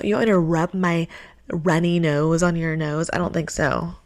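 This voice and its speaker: A young woman hosting her show, telling a dating story in an animated, exasperated way with lots of filler words. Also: fairly low pitch, moderate pace. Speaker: host. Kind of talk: storytime monologue.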